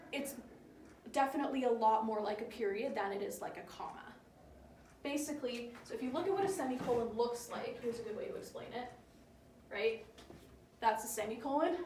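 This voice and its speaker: A woman's voice: on the high side, reverberant, recorded from a distance, slight background noise. A young woman teaching grammar in a casual, chatty way, often checking in with her listeners. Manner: chatty, keeps checking in with "right?".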